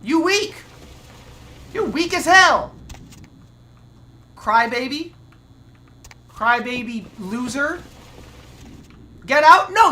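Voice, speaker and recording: A woman's voice: sits high, pushed and bright. A woman streamer giving brash, profane commentary while she plays a game. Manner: brash, profane trash talk. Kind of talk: gameplay commentary.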